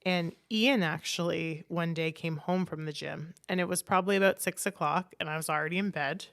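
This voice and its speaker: Gravelly low-voiced woman telling a candid story. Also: a little fast, a bit bright. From Canada. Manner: frank, peppered with "like", swears casually. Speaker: podcast guest.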